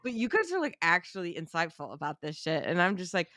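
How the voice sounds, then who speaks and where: A young woman co-hosting a casual chat, animated and laughing often, with lots of fillers. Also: lowish voice, fast talker, no echo, clean studio sound. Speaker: podcast co-host.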